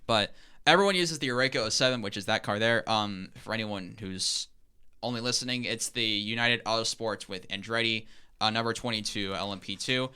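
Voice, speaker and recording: A man's voice: fairly low pitch, fairly quick, sharp tone, clear, resonant tone. A young man co-hosting a podcast, eagerly explaining in a casual, rambling way with lots of fillers. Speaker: podcast co-host.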